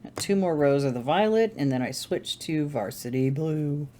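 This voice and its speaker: A woman's voice: low voice, expressive, normal speed, warm tone, slight background noise. A woman hosting a crafting channel, chatting casually at home while she knits, rambling and correcting herself as she thinks aloud. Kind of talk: casual chat while knitting.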